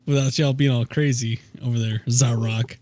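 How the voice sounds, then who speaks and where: A man's voice: mid-range voice, fairly even intonation, normal speed, mellow. A young man, a player in a tabletop game, chatty, repeating words as he thinks aloud. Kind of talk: casual chat about a tabletop game.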